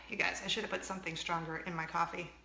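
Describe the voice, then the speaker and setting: A woman's voice: lowish voice, fairly even intonation, very fast, gravelly, sharp tone, echoey room, slight background noise. A woman in her thirties hosting a casual vlog, chatty and self-mocking, laughing often and acting out what people said. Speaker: vlog host. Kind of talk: casual chat to camera.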